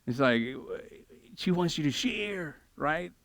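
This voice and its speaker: A man preaching a sermon in church, lively and joking, acting out everyday conversations in quick voices. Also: fairly high pitch, gravelly, no room sound, clean studio sound. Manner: animated, acts out conversations in quick voices, self-deprecating humor. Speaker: pastor.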